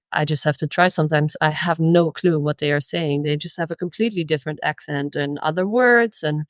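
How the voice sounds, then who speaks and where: A woman's voice: sits low, no echo, dull audio. A woman from the Netherlands with a Dutch accent, a language teacher, eagerly explaining as a guest in a casual interview.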